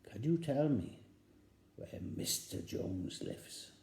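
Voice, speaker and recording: A man's voice: on the low side, expressive, slow, gravelly, mellow, exaggerated voice. A man voicing a German spy who fakes a local accent and insists on a code phrase. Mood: earnest insistence. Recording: roomy echo.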